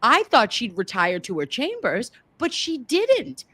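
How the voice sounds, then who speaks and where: A woman hosting a commentary show, talking in an exasperated, animated way with casual slang. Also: fairly high pitch, unhurried, breathy edge, dry recording. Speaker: host.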